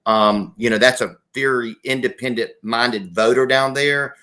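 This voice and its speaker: A middle-aged man from South Carolina, speaking as a guest on a political show. He talks in a folksy way, correcting himself and restarting often. His voice sits at an ordinary middle pitch. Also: a little slow, sharp tone. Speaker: guest, former state legislator. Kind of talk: political interview.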